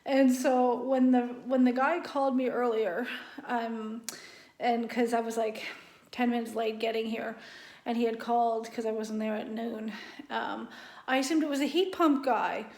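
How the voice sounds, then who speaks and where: A woman's voice: a little high, steady tone, normal speed, darkish tone, roomy sound. A woman vlogging about her day in a casual, rambling way, often laughing. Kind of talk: casual vlog narration. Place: home kitchen.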